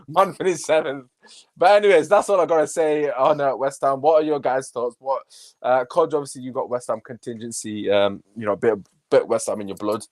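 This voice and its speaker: A man hosting a casual podcast chat, animated and mocking rival fans, swearing freely. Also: medium pitch. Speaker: podcast host.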